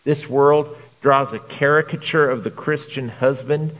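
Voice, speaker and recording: A man preaching a sermon to men in an earnest, measured way, repeating phrases for emphasis. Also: medium pitch, a bit bright, long reverb tail. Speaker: pastor.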